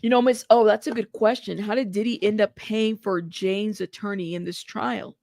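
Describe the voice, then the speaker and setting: A woman's voice: medium pitch, steady tone, moderate pace, gravelly, a little mellow, no room sound. Woman, live-stream host, casual chatty commentary, dry close sound. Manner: chatty, reacting to chat, laughing, exclaiming.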